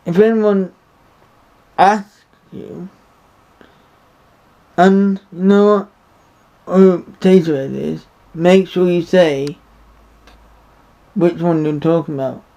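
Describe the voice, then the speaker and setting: The man vlogs an indignant, rambling opinion piece, repeating himself slowly with long pauses. His voice is high and mellow, and the recording is dull and lo-fi.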